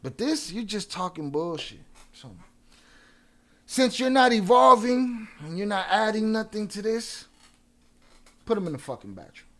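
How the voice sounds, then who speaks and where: A man's voice: high-pitched, animated. Profane, combative male stream host. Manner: profane and combative, trash-talking trolls; quick shout-outs with filler "uh" and restarts. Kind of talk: casual live-stream chat.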